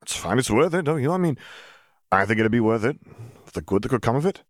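A man's voice: mid-range voice, expressive, fast talker, pitched above the performer's own voice, close to an everyday voice. A man voicing a defiant young grown son, speaking in a raised, strained, pleading tone.

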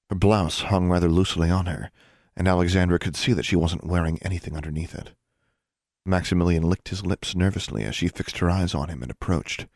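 A male audiobook narrator with a deep, slightly mellow voice reads scripted narration. The sound is clean studio quality with no echo.

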